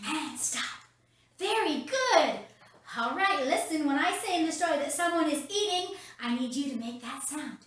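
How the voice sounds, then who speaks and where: Bright, animated woman in an echoey room. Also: sits high, normal speed, a little hiss or hum. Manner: upbeat, animated, talks straight to children. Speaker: children's ministry leader. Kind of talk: storytelling for kids at home. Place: at home, roomy indoor space. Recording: very echoey room, mic at a distance.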